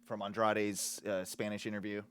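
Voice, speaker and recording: Low-voiced hesitant man chatting. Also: flat delivery, normal speed, a bit bright, clean tone. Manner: hesitant, restarts and hedges. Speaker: podcast co-host. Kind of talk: casual chat.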